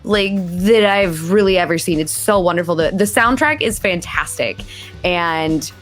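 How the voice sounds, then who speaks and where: Woman voice actress, somewhat low pitch, lively quoted lines, faint music behind. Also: a little slow. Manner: animated, acts out quoted lines with big pitch jumps. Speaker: voice actress guest. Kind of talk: casual interview chat. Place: remote video call.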